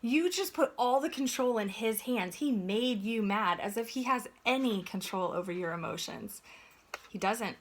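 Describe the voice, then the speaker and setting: A woman's voice: fairly high pitch, animated, normal speed. A woman giving an earnest, conversational motivational talk as a life coach, often checking in with "right?".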